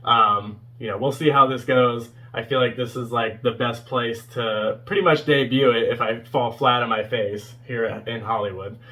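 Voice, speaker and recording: A man's voice: mid-range voice, steady tone, normal speed, hardly any pauses, bright, forceful tone. A man in his twenties giving a casual, rambling spoken review as a fan video host, with many fillers and small chuckles. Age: 20s.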